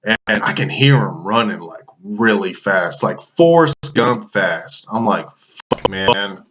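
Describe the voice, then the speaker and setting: A man's voice: lowish voice, lively intonation, measured pace, fairly bright tone, a little hiss or hum. A man telling a casual anecdote, loose and full of swearing and fillers. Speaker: storyteller.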